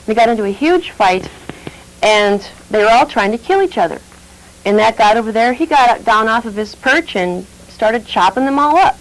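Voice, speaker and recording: A woman's voice: fairly high pitch, animated, normal speed, close to an everyday voice, poor audio. A woman voicing a clever young man, Abraham, who talks slyly and innocently. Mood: mock-innocent. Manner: sly, mock-innocent.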